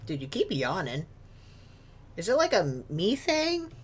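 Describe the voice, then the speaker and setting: A woman with a low voice streams a game from her desk at home. She jokes with viewers and talks to her dog, her pitch swinging widely as she laughs. A faint hum sits behind her. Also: huge pitch swings, unhurried. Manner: giggly, joking, chatty with viewers and her dog. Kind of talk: casual gaming stream chat. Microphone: desk mic with webcam.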